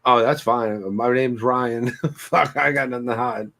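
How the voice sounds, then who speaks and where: Blunt, excitable male guest. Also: medium pitch, measured pace, creaky, slight background noise. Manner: enthusiastic and blunt, swears freely. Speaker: guest musician. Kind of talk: casual livestream chat.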